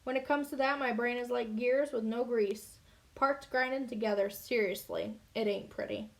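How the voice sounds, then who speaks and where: A woman's voice: a little high, fairly even intonation, normal speed, vocal fry. A woman reading as a joking teenage big brother. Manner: folksy, self-mocking.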